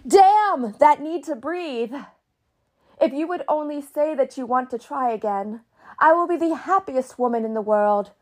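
Woman hamming up a heartbroken lady begging her ex, high and swooping, way over the top. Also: expressive, a little slow, darkish tone. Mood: desperate pleading. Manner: pleading, overwrought, repetitive begging.

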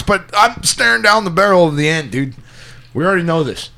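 A man co-hosting a podcast, bantering crudely with loud, profane outbursts. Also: high-pitched, lively intonation, fairly quick, vocal fry, noisy background. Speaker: podcast co-host.

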